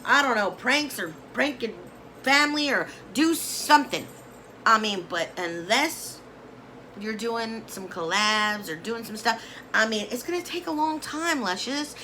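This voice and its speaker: A woman vlogger ranting casually to camera about beauty influencers, emphatic and animated, repeating words for emphasis and calling people honey. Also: a little high, a little hiss or hum, rough recording. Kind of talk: casual opinion rant to camera.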